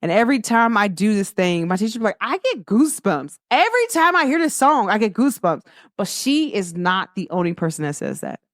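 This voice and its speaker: A brisk, mid-range voice belongs to a young woman hosting a relaxed spiritual pep talk. Quoted voices get performed, laughs come often, and the storytelling stays animated throughout, all in studio-quality audio without room sound.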